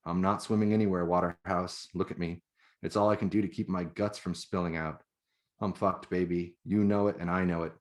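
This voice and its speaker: A man reading the lines of a badly wounded, weary soldier who speaks quietly and strained. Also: low-pitched, fairly even intonation, brisk, close to an everyday voice. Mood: resigned.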